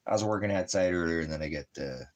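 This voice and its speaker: A man's voice: low-pitched, fast, lo-fi sound. A man chatting casually and rambling on a livestream at home, often talking fondly to his dogs. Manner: talks to his dogs in a doting, repetitive way. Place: at home indoors.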